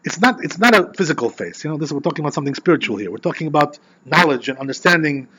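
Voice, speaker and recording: A man who is a rabbi teaching an informal Torah class, animated and constantly checking in with "you know" and "right?". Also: fairly high pitch, rapid-fire, dull audio.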